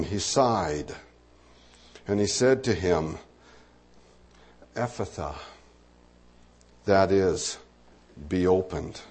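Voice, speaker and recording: A man's voice: on the low side, a little mellow. Man teaching a Bible passage. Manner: conversational, with asides and fillers. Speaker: preacher.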